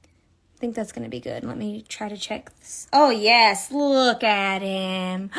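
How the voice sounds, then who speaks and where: A woman's voice: mid-range voice, animated, takes it slowly, a bit bright. A woman with a Kentucky accent giving a casual, chatty crochet lesson on a live stream, giggling and telling stories as she works. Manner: chatty, giggly, tells stories while working. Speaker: crochet instructor.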